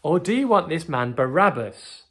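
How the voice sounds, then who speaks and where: A children's teacher voicing Pilate as a flustered governor who pleads with a crowd, in a raised, louder voice. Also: mid-range voice, big pitch swings, moderate pace, husky, pitched above the performer's own voice. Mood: pleading. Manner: pleading, exasperated questions.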